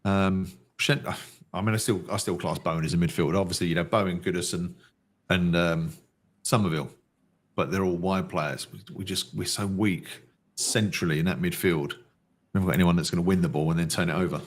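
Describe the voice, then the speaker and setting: A man with a deep voice co-hosts a fan watch-along. He reads viewer comments aloud and answers each one in a glum but talkative way. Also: steady tone, a little fast. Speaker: fan channel co-host. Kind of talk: casual match watch-along chat.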